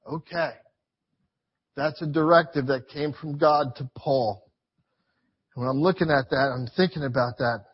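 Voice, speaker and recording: A man preaching a sermon to his church, emphatic and repetitive, swinging between loud urging and quiet reflection. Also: on the high side, a little slow, pauses often, husky, highs cut off.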